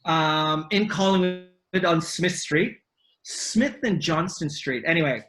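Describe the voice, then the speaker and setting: Bright-voiced man telling stories. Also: a little high, slow pace. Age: middle-aged. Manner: rambling storyteller, frequent fillers and restarts. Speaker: podcast guest. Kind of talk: casual chat. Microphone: video call.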